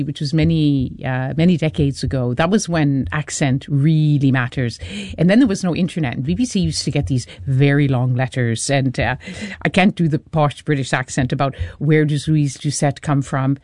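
A woman in her sixties from eastern Canada with a soft Canadian accent, a journalist chatting animatedly as a radio guest and laughing often. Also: low voice, moderate pace, no room sound, clean studio sound. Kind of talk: radio interview conversation.

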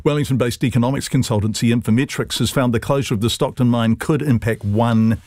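A man presenting live radio, moving briskly between scripted news links and listener messages. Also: medium pitch, darkish tone, no room sound, clean studio sound. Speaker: radio host.

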